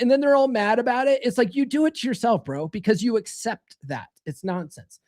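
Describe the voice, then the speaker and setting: A man's voice: very high voice, animated, fairly quick, hardly any pauses. A man in his thirties hosting a livestream about dating, reading chat comments in a blunt, crude way and calling listeners brother. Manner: mimics others in raised voices. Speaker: dating coach and livestream host.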